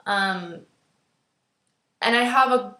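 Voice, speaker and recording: A woman teacher speaks to her webcam in a recorded class lecture, her voice sitting at a middle pitch. She talks in a steady, instructive way and often pauses on "um." The room around her sounds roomy and echoey. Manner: steady instructive delivery with frequent ums. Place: indoor room, seated in a chair. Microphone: webcam at desk.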